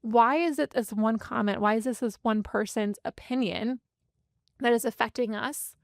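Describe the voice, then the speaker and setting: A woman in her thirties gives a candid, heartfelt podcast monologue. Her voice sits a little high and carries a gravelly fry. The sound is dry and close, with no room in it. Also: no room sound. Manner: earnest, heartfelt, speeds up and slows down for emphasis. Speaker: podcast host and business coach.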